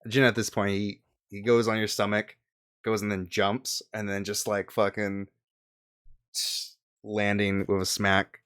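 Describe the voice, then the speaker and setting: A man narrating as game master, halting with many fillers and swears. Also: on the low side, little pitch movement, a bit bright, clear, resonant tone.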